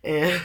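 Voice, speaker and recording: With a bright, forceful tone and a bit of hiss or hum on the recording, a young woman preaches informally as a religious vlogger. She rambles about faith and her children's dreams, using many fillers and restarts and laughing at her own jokes.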